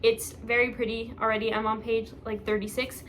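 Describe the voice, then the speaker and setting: A young woman talks through her book stack in a chatty, rambling way, laughing at her own slips. Her voice sits a little high, with a faint hiss of noise behind it. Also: flat delivery, a little fast, fairly bright tone. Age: young adult. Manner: chatty, rambling, self-mocking, many fillers. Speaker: book vlogger. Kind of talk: casual chat.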